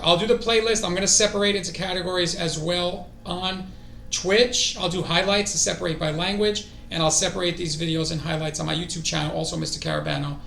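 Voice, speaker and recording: A man streaming his own language study, excitable and thinking aloud as he goes. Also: fairly high pitch, gravelly, roomy sound. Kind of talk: casual self-study stream.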